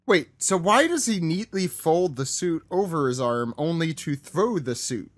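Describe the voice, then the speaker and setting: A man's voice: a little high, lively intonation, unhurried. A man co-hosting a podcast, joking and self-deprecating in casual chat. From New York area. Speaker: podcast co-host.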